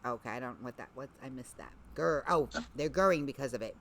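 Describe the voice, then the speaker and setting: A woman hosting a casual livestream chat, talking warmly and a little scattered as she reads out viewer comments. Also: extremely low pitch, animated, brisk, heavy background noise. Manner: chatty, reads viewer comments aloud, breaks off to call her dog. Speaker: livestream host.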